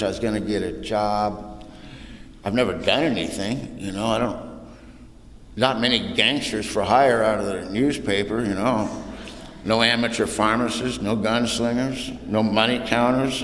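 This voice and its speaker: A man from Southern California speaking at a recovery meeting podium, telling his story with humor, using casual slang, and dropping soft and low for painful parts. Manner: casual southern-tinged slang, "ain't", "y'all". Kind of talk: personal testimony talk. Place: hall with audience at a podium. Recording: echoey hall, faint room noise.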